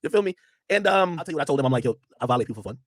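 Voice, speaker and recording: A man's voice: mid-range voice, expressive, very fast, no echo, clean studio sound. A man on a livestream, dismissive and repetitive, played as a clip. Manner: dismissive, repetitive, swings in loudness. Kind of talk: livestream talk.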